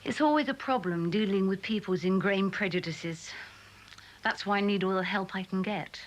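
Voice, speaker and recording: A woman's voice: mid-range voice, normal speed, close to an everyday voice, poor audio. A woman playing an earnest new manager. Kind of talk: TV drama acting.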